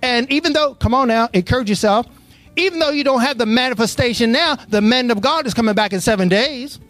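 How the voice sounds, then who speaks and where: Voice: medium pitch, a little fast, faint music behind. A preacher reading scripture aloud and quizzing the congregation on the missing words, then building into passionate preaching. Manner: asks the congregation to fill in words; builds from steady Bible reading to impassioned preaching. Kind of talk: sermon with call and response. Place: church.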